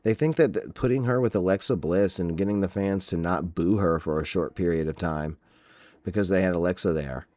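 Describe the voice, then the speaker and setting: A man's voice: low voice, fairly quick, a little mellow, dry recording. A man hosting a podcast, recapping in a casual, mocking, profane, rambling way. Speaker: podcast host. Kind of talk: casual comedic wrestling recap.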